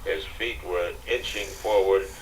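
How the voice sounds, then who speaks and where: An older man narrating an audiobook in a steady, dramatic storytelling manner, on a distant, hissy cassette recording. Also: low voice, a little slow. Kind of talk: scripted narration.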